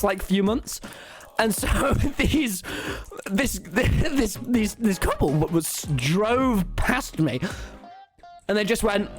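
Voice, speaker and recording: A young man, telling stories excitedly on a live stream, swearing often and breaking into laughter. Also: sits high. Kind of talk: casual live-stream storytelling.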